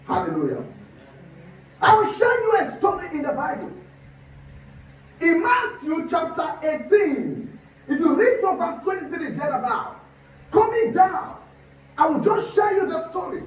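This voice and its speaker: A man preaching with fervent energy, shouting out repeated rhetorical questions in a very high voice. His sermon bounces around a big, echoey church hall. The mic sits well away from him. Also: animated, measured pace, recorded from a distance, slight background noise. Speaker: pastor.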